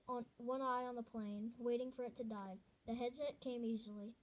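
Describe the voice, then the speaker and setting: A woman's voice: a little high, darkish tone. A woman reading a novel aloud in an earnest way, often restarting and correcting herself mid-sentence. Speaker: reader.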